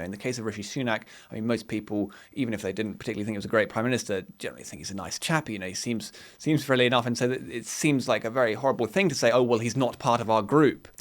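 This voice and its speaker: A man hosting a podcast interview, talking in a conversational, thoughtful way with frequent fillers. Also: mid-range voice. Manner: conversational, thoughtful, uses fillers like "you know" and "um". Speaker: podcast host.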